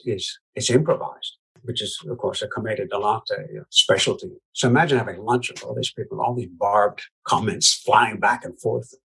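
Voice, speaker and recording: A man with a lowish, creaky voice that is fairly bright with a breathy edge tells stories as a puppeteer guest in a relaxed interview. He is from Iowa in the United States, chatty and quick to laugh, with lots of "you know" asides. The audio quality is poor.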